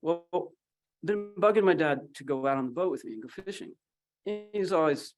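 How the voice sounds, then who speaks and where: A man's voice: a little high, expressive, brisk. A man telling a personal story at a memorial, acting out the voices of the people in it. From Northern California. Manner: acts out quoted voices in his story. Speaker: memorial speaker. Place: memorial gathering.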